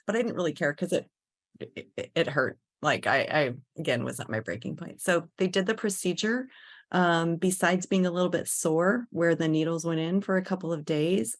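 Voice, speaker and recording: Low-voiced woman telling her story candidly. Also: moderate pace. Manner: candid, earnest, animated when telling the story. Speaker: guest. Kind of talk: personal storytelling in an interview.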